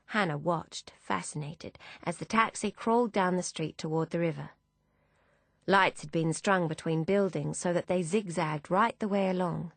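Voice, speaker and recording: A woman narrating a novel as an audiobook, in a measured, descriptive storytelling manner. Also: fairly low pitch, vocal fry, no room sound.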